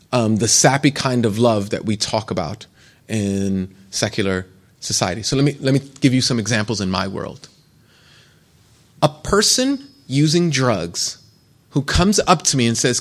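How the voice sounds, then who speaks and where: A middle-aged man, a pastor, preaching a sermon in a casual, storytelling way, mixing scripture with personal anecdotes and humor. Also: mid-range voice.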